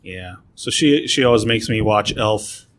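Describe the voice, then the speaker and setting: A man's voice: on the low side, measured pace, fairly bright tone, a little hiss or hum. A man co-hosting a podcast, mostly chiming in with short casual reactions. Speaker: podcast co-host. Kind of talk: casual chat.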